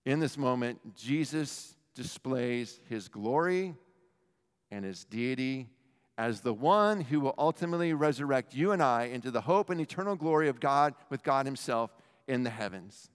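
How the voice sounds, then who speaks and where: Animated middle-aged man preaching in a hall. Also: medium pitch, moderate pace, clear, resonant tone. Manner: animated, talks straight to the congregation. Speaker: pastor. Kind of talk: sermon. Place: church hall. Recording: long hall reverb.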